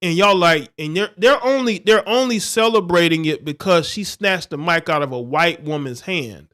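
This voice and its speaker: High-voiced scornful man ranting on a livestream. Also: moderate pace, a bit bright. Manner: scornful, insulting, preachy. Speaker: livestream host. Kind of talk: reading news and ranting commentary.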